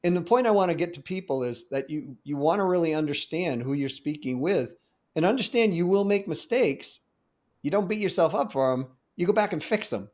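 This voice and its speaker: A man's voice: on the high side, animated, a little fast, a little mellow. A man hosting a sales conversation, telling a story with quoted dialogue and drawing a lesson from it. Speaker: sales podcast host. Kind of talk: conversational interview.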